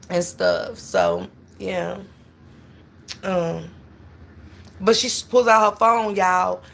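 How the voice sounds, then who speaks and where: Chatty middle-aged woman with a gravelly edge. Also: lowish voice, fairly bright tone. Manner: chatty, greets viewers by name. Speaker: livestream host chatting with viewers. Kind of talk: casual livestream chat.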